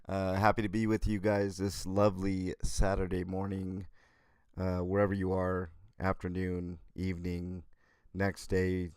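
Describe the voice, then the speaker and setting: A man hosts a casual live stream in a groggy morning voice, greeting his chat one name at a time. His voice sits very low and slow with a gravelly edge, and the sound is dry and close. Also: no echo. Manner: relaxed, greets chat viewers by name, many "uh" fillers. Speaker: livestream host.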